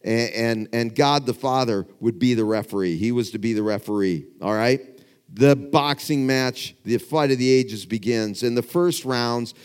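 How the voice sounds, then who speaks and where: A middle-aged man preaching a sermon to a congregation, swinging from hushed, quiet lines to rising, emphatic questions. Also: medium pitch, normal speed, smooth. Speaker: pastor. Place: church before a congregation.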